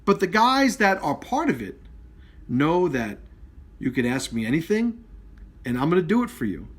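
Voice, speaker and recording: A man's voice: a little high, big pitch swings, normal speed, husky. A man who runs a martial arts school, ranting bluntly and swearing freely in a live video. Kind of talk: blunt, profane direct-to-camera rant.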